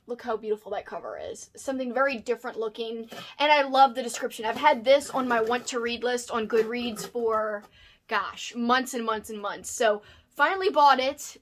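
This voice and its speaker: Woman, book vlogger, casual chat at home, excitable, slightly high voice, camera mic. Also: slight background noise. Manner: bubbly and excitable, chatting to her dog between books.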